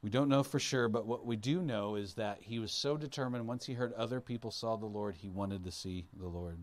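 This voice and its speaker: Man, pastor, slightly low pitch, earnest preaching, dynamic emphasis. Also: fairly quick. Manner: earnest preaching, voice rising and dropping for emphasis, acts out quotes. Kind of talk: sermon.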